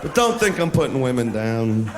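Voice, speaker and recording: A male stand-up comedian doing a crude, brash routine, shouting his punchlines live on stage. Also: mid-range voice, big pitch swings, moderate pace. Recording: echoey live venue with laughing audience and noise. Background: audience laughter.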